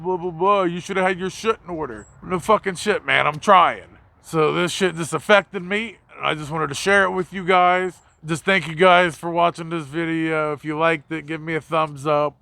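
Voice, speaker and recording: A man's voice: on the high side, creaky, sharp tone, dry recording. A man in his thirties from the United States, talking to camera in a raw, emotional and profane vlog, near tears. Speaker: vlogger.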